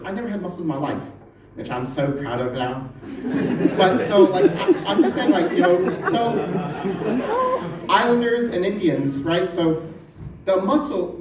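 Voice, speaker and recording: Man doing stand-up in a roomy venue. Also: sits high. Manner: animated, rambling, profane. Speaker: stand-up comedian. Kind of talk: stand-up storytelling. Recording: roomy, distant, noisy.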